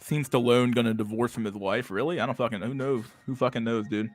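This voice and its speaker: A man's voice: mid-range voice, fairly even intonation, fairly quick, faint music behind. A man hosting a livestream, talking in a sarcastic, profane and mumbling way. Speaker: streamer host. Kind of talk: casual livestream commentary.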